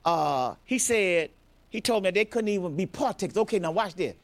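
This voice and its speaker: A man's voice: high voice, expressive, a little fast. A middle-aged man preaching a sermon as a pastor, emphatic and repetitive, often restarting his sentences.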